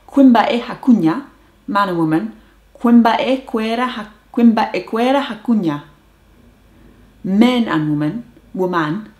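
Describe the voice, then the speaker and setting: A young woman chatting casually in a vlog about her language learning, enthusiastic and trying out foreign words aloud. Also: medium pitch. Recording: roomy echo.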